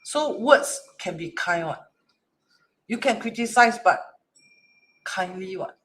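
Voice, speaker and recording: Bright-voiced chatty metaphysics teacher. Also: mid-range voice, expressive, takes it slowly. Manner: chatty, asks rhetorical "correct?" often; colloquial English with "lah" and "lor" particles. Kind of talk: casual online class talk.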